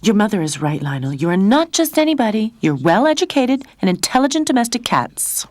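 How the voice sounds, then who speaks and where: A woman's voice: fairly high pitch, very animated, brisk, darkish tone, no echo, voice pushed up. Woman playing a proper lady cat owner, prim and lecturing.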